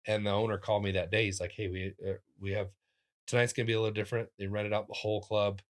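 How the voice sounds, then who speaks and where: Comedian guy telling stories, lowish voice that jumps way up when he does other people, lots of ums and restarts. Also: fast talker. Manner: animated, acts out quoted voices with big pitch jumps; talks in restarts and fillers, lively physical-comic energy. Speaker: comedian guest. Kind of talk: casual interview storytelling.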